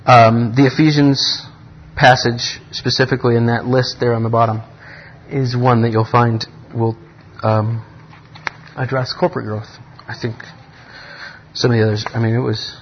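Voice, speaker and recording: A man leading a Bible study in an earnest, rambling way, often restarting his sentences and growing excited over the text. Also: medium pitch, muffled recording, a little hiss or hum. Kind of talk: casual Bible teaching.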